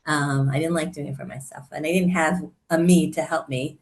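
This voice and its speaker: A woman in her sixties, a therapist and coach, chatting as a guest and telling her story with animated warmth and frequent laughter. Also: deep voice, brisk. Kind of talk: casual conversational interview.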